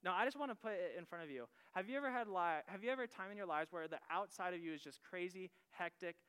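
Earnest man preaching, smooth-voiced. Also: high-pitched, lively intonation, fast, pushed and bright. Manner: earnest, conversational preaching with acted-out quotes. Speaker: pastor. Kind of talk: sermon.

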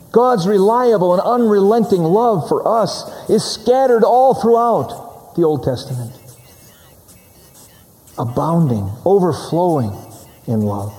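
A man's voice: sits high, a little mellow, in a large hall. A man preaching a sermon, stressing and repeating key words as he teaches from scripture.

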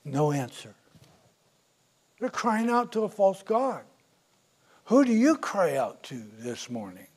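Slow-talking preacher man, high voice. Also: very animated, breathy edge. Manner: storytelling, dramatic swings in loudness. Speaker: pastor. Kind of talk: sermon.

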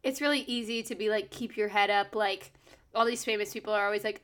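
A woman's voice: medium pitch, steady tone, quick pace, a bit bright. A young woman musician co-hosting a podcast in casual chat, talking with many fillers and restarts and laughing often.

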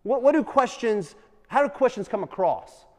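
Animated man teaching in an echoing hall. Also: very high voice, moderate pace. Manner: animated storyteller, asks the room questions. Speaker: speaker teaching a class. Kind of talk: lively classroom talk with questions to students. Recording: long reverb in a hall.

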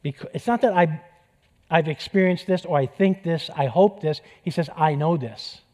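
A middle-aged man delivers a sermon in a church, easygoing and conversational, dropping jokes and repeating key phrases to drive them home. His voice sits a little on the high side for a man. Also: normal speed, darkish tone. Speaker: pastor.

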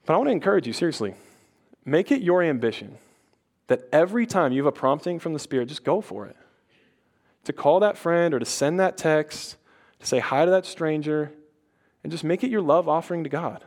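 A young male pastor giving a loose, conversational sermon. His voice sits a little higher than most men's. He talks casually, full of "like" and quick restarts. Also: darkish tone. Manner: casual and chatty, with frequent "like" and stuttered restarts.

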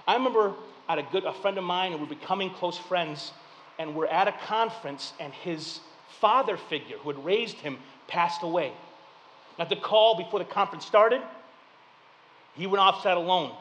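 A man in his thirties preaching a sermon, telling personal stories with lively swings between loud punchlines and hushed reflection. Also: sits high, in a large hall, a little hiss or hum, low-quality recording. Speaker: pastor.

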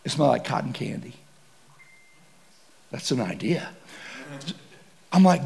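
A man preaching to a men's gathering, telling a comic safari story with bursts of shouting and laughter. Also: medium pitch, moderate pace, creaky, pauses often. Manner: animated, shouts and laughs through stories. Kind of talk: comedic sermon storytelling.

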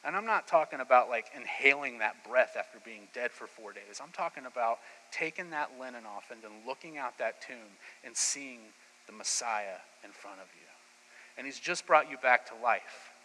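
A man preaching a sermon as a pastor, retelling scripture as lively, casual storytelling. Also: medium pitch, normal speed, in a large hall, low-quality recording.

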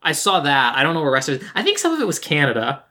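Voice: mid-range voice, wildly swooping pitch, racing, sharp tone. A podcast co-host in casual movie-review chat, rambling and self-correcting with frequent restarts.

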